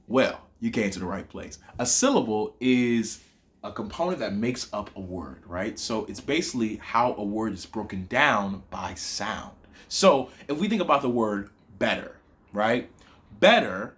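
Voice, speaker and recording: A young man with a Southern accent, teaching a playful lesson that mixes in rap bars. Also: lowish voice. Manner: lively, playful, chanting lines slowly for emphasis.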